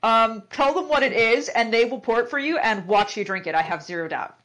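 A woman's voice: a little high, fairly quick, a bit bright. A woman co-hosting a podcast, chatting eagerly and often saying "yeah, man". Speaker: podcast co-host. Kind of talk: casual group chat.

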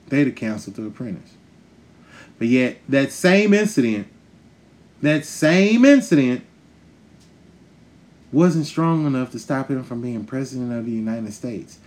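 A man hosting a podcast, delivering a heated, profane, emphatic rant straight to his listeners. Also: mid-range voice. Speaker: podcast host. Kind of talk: ranting monologue.

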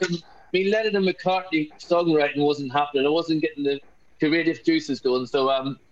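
A man's voice: on the high side, fairly even intonation, normal speed. A man from Belfast, hosting a podcast with playful, self-deprecating jokes. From Belfast, Northern Ireland. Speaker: podcast host. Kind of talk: jokey podcast chat. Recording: dull lo-fi sound.

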